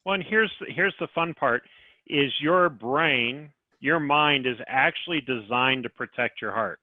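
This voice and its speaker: A man's voice: medium pitch, measured pace, no echo. A man working as a business coach, talking through ideas with a guiding, questioning manner in a podcast conversation. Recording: tinny phone-like line, dry.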